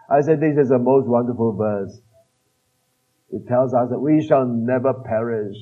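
A man preaching a sermon, earnest and emphatic, slowing down to quote scripture and trailing off softly at the ends of phrases. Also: mid-range voice. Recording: tinny phone-like band-limited recording.

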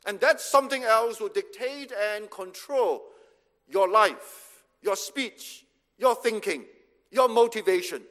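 Man, pastor, high-pitched, emphatic sermon delivery in a reverberant hall. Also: lively intonation, bright, forceful tone. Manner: emphatic, measured, repeats phrases for stress.

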